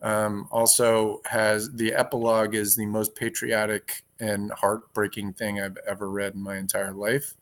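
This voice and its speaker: A man co-hosting a casual political talk show, his voice sitting a little low. He speaks bluntly and swears freely, and his delivery leans into dark humor. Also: completely flat delivery, a little slow, hardly any pauses. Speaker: podcast co-host.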